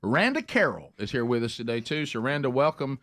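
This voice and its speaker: A man's voice: medium pitch, very animated, a little fast, fairly bright tone, no echo. A male radio show host, easygoing, announcing the next segments of a morning show.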